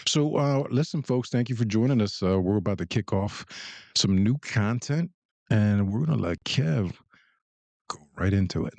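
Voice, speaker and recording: A man's voice: fairly low pitch, animated, normal speed, creaky, darkish tone, no echo. A man hosting a podcast in a casual, laid-back way, with loose filler words. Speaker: podcast host. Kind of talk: casual chat.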